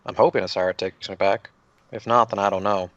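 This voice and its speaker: A man's voice: lowish voice, fairly even intonation, fairly quick, dry recording, muffled recording, natural voice. A man reading as a remorseful young son. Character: remorseful young man messaging his mother.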